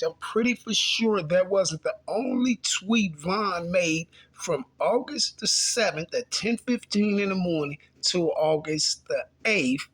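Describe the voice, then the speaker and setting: A man delivers heated street commentary, hammering his points with repetition and rhetorical questions. His voice is husky and sits a little high for a man. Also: fairly bright tone. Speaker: commentary channel host.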